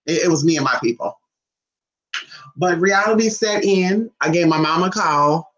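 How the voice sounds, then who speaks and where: A woman vlogger telling a story in a sassy, profane, animated way, calling her viewers honey and girl. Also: normal speed, roomy sound, lo-fi sound. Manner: dramatic swoops in pitch. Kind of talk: casual storytime monologue.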